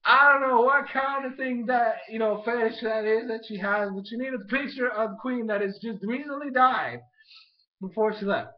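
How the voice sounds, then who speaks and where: A man casually recapping a cartoon episode in a rambling, excitable way, full of fillers. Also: very high voice, moderate pace, lo-fi sound, a little hiss or hum. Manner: excitable, rambling, heavy use of "like" and "oh my gosh". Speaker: anime show reviewer.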